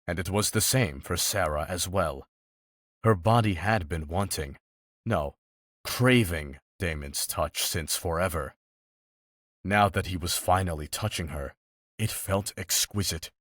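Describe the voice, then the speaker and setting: Guy with a really low voice reading a romance audiobook, steady and measured, dry close sound. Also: no room sound. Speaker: audiobook narrator. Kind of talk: scripted romance audiobook narration.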